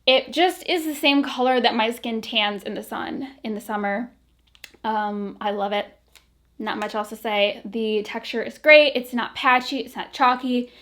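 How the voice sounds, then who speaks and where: A woman with a slightly high voice talks through her favorite products in a chatty, rambling way. She sounds a little out of breath as she goes. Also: unhurried, a bit bright. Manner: chatty, filler-heavy, enthusiastic about products. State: a bit out of breath. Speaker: beauty vlogger. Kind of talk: casual product review.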